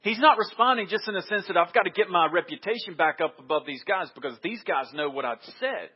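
Husky, emphatic male preacher, lo-fi. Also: high-pitched, expressive, brisk. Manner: emphatic, repeats key phrases. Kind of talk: sermon.

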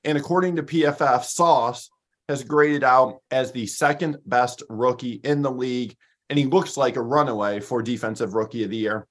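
A man's voice: mid-range voice, steady tone, normal speed. A man co-hosting a sports show, reeling off stats in an upbeat, jokey way. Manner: stat-heavy, upbeat, jokey. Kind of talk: casual sports talk.

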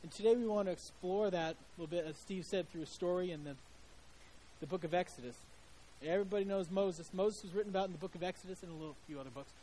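A man's voice: high-pitched, fast talker, warm tone, a little hiss or hum, rough recording. A male preacher giving a sermon in a conversational storytelling way, with frequent restarts.

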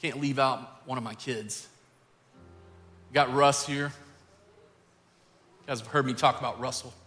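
Bright-voiced pastor preaching in a hall. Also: male voice, mid-range voice, steady tone, unhurried. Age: middle-aged. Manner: earnest, rising to emphatic exhortation. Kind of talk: sermon storytelling. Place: church sanctuary. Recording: church hall reverb with faint music.

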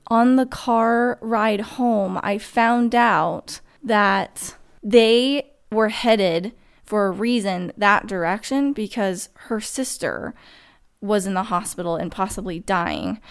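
A woman's voice: medium pitch, smooth. Emotional woman retelling a hard experience. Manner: emotional, halting, many restarts and fillers. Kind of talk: personal storytelling to camera.

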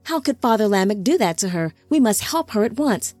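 A woman's voice: medium pitch, animated, a little fast, darkish tone, no echo, faint music behind, lightly acted. A woman voicing an earnest young man who grows urgent and full of questions. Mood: alarmed. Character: earnest young human man, quick to alarm.

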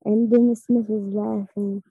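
Husky gravelly teen girl, muffled sound. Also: medium pitch, flat delivery, a little slow, no room sound. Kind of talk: casual storytelling.

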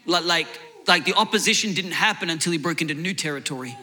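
A man's voice: a little high, fast talker, pushed and bright, slight background noise. A man preaching a sermon with emphatic delivery. He often repeats words as he builds a point and makes jokey asides.

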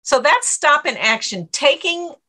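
A middle-aged woman, a stress coach, answering interview questions and telling lively anecdotes in which she acts out her own inner voice. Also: high voice, a little slow. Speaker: author and stress coach guest.

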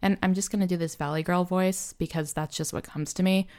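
A woman's voice: lowish voice, fairly even intonation, brisk, warm tone. A young woman hosting a casual motivational podcast, talking candidly and loosely with lots of "like" and "you know". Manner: candid and self-deprecating. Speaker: podcast host.

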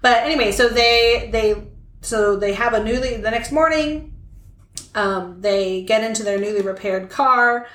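A woman's voice: a little high, measured pace, a bit bright, roomy sound. A woman co-hosting a podcast, chatting casually as she sums up a film plot with many fillers and asides. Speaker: podcast co-host.

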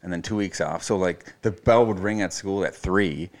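A man's voice: low-pitched, moderate pace. A Canadian man in his thirties, a podcast guest telling laid-back stories in casual chat, with some casual swearing. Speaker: podcast guest, chef and teacher.

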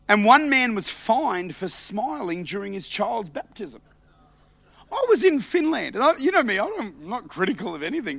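High, bright-voiced passionate preacher man. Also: dry recording. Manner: passionate, swings between loud shouts and quiet asides, repeats words. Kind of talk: sermon.

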